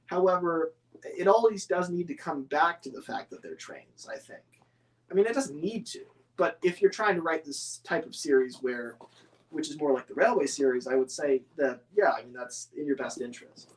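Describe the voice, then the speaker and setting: Un hombre de voz algo aguda charla de forma informal y entusiasta, divaga, se corrige a menudo y llena las pausas con muletillas. Habla como aficionado que responde preguntas de sus seguidores. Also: male voice, a little high, animated. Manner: rambling, many fillers and restarts, enthusiastic. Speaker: scale model hobbyist answering viewer questions. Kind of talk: casual chat.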